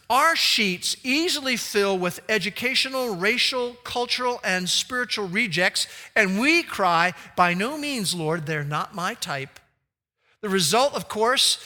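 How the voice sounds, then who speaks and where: Bright-voiced male preacher in a reverberant hall. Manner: animated, acts out quoted voices with big jumps in pitch. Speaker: pastor. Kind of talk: sermon. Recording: long reverb of a large hall.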